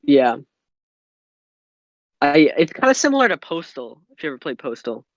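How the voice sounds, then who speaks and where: A man's voice: on the high side, big pitch swings, moderate pace, no echo. A man co-hosting a casual gaming podcast, laid-back, mostly giving short replies. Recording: dull lo-fi mic.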